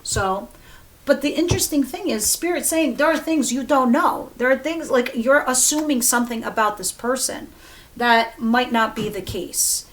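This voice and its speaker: Chatty tarot reader woman, fairly high voice. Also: normal speed. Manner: chatty, swears freely, laughs at the cards. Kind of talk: casual tarot reading.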